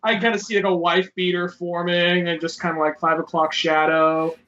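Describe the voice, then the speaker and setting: Bright-voiced young man, casual podcast chat. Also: sits high, moderate pace, muffled recording. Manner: relaxed, swears casually, jokes along. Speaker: podcast co-host.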